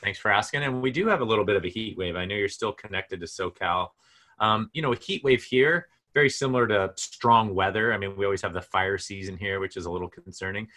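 A man's voice: lowish voice, fast talker, sharp tone. A middle-aged man co-hosting a podcast, easygoing and telling stories with many fillers. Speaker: co-host. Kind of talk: casual podcast chat.

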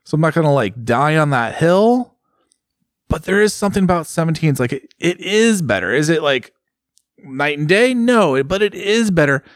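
A man's voice: a little high, lively intonation, normal speed, no echo, studio quality. A man co-hosting a casual motorcycle chat, rambling with many fillers and restarts. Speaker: podcast co-host.

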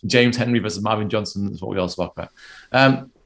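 Deep-voiced man in casual chat. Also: quick pace, creaky, a bit bright. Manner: chatty, self-deprecating, laughs often. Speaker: podcast co-host. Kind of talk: casual football podcast chat.

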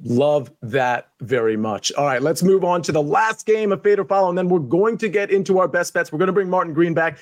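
A man hosting a sports betting panel, moving briskly from one guest to the next. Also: sits high, expressive, dry recording. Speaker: show host.

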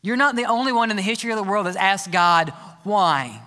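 Bright-voiced male pastor in a reverberant church. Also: sits high, fast talker, clear, resonant tone. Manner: earnest, emphatic, asks the congregation questions. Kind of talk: sermon. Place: church sanctuary.

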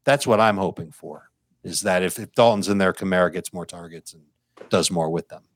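Low-voiced man talking fantasy football. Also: fairly quick, no room sound. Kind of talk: casual sports chat.

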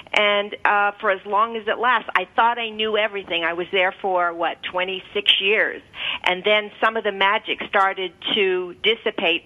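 A woman's voice: mid-range voice, muffled recording. A woman co-hosting a radio show, speaking earnestly and reflectively with frequent fillers. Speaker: radio co-host and former trader. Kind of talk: casual radio interview.

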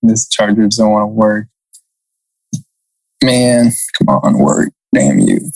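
A man's voice: fairly low pitch, sing-song, takes it slowly, creaky, a little mellow, no echo, faint music behind, low-quality recording. A man casually chatting on a podcast, reading funny reviews aloud with lots of laughing and swearing. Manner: laughs often, swears freely, sing-song reading. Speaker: podcast co-host.

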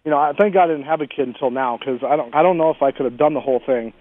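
A man's voice: fairly high pitch, very fast. A man in his forties, a guest in a casual interview, talking bluntly and fierily and swearing freely, heard over a phone line. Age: 40s.

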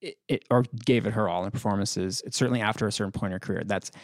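A man's voice: lowish voice, very fast, no echo. Chatty, enthusiastic man on a dry mic. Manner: enthusiastic, chatty, laughs often, with many fillers. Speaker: podcast guest, film critic. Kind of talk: casual panel discussion.

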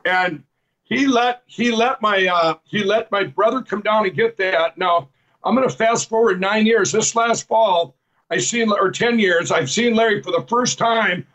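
A man's voice: high-pitched, a little slow, a bit bright, muffled recording. A man guest telling his personal testimony in a rambling, earnest way, often repeating "I said" as he retells conversations and laughing at his own story.

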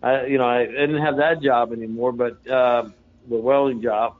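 A man tells a long story in a loose, folksy way, full of fillers and restarts. He sits at an ordinary, middling pitch. The sound is narrow and tinny, like a phone line. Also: steady tone, moderate pace. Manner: rambling, folksy, lots of fillers. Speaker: interview guest. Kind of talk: casual storytelling.

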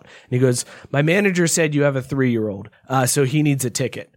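A man's voice: medium pitch, fairly quick, few pauses, no room sound. A man telling a story in casual podcast chat, ranting heatedly with lots of swearing and acting out the people in it. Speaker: podcast co-host.

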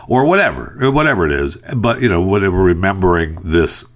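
A man hosting a talk show, rambling and laughing in an animated, exasperated manner. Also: deep voice, a little fast, few pauses. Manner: rambling with restarts and fillers. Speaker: podcast host. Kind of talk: casual opinion talk.

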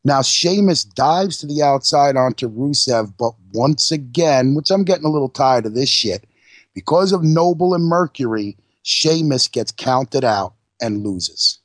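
A man's voice: medium pitch, expressive, a little slow, dry recording. A man co-hosting an internet radio show, recapping wrestling in loose, profane casual chat. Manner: loose, profane, narrating play-by-play. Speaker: podcast co-host.

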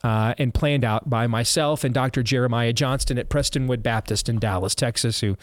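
Rambling talk-radio host, dry studio sound. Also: male voice, mid-range voice, moderate pace, dry recording. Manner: rambling, self-interrupting, chuckling asides. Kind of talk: casual talk radio chat and ad read.

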